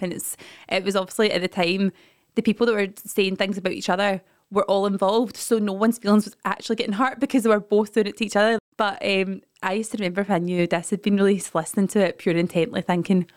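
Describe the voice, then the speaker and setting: A woman's voice: mid-range voice, steady tone, fast, no echo, studio quality. A woman in her thirties with a Glaswegian Scottish accent, chatting and telling stories as a podcast co-host. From Scotland. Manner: chatty, laughing, storytelling. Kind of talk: casual chat.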